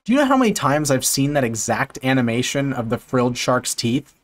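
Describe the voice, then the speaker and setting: A man's voice: medium pitch, big pitch swings, fairly quick. A man, a fish biologist, giving casual reaction commentary on a video in a sarcastic, amused and profane way.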